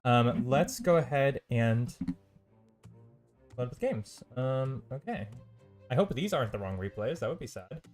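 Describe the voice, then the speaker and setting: Man, esports caster, solo live commentary, casual and rambling, lots of ums, dry sarcasm, mid pitch. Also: expressive, unhurried, pauses often, a little mellow, soft background music. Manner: loose and chatty, lots of ums and uhs, dry sarcastic asides. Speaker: esports caster and stream host.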